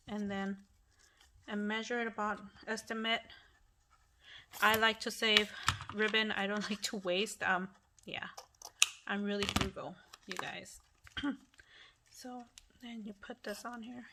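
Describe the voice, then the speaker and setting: A woman's voice: mid-range voice, bright, forceful tone, a little hiss or hum. A middle-aged woman hosting a casual craft tutorial at home, chatty and apologetic, often restarting her sentences. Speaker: craft channel host.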